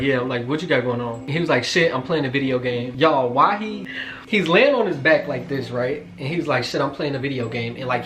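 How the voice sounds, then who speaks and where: A young man in his twenties telling a casual storytime, joking and slangy, with quick asides to his viewers. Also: mid-range voice, a bit bright. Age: 20s. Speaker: vlogger.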